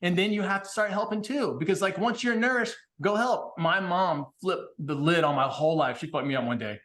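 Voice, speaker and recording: A man in casual podcast conversation, blunt and animated, swearing freely as he tells stories. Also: high voice, fairly quick. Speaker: podcast guest.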